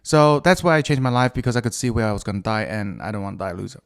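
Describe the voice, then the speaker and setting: A man's voice: on the low side, rapid-fire, creaky, clean tone. A man rambles through a solo podcast episode. He is crude and self-mocking, breaking off mid-thought and circling back with fillers. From New Zealand. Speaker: podcast host.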